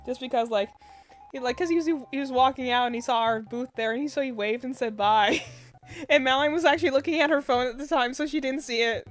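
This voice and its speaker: A woman crochets and chats on a stream, her voice sitting a little high. She rambles along, full of filler words, and drops to a mutter when she counts stitches. Soft music plays faintly behind her. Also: fast talker. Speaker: streamer crocheting while chatting. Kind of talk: casual chat.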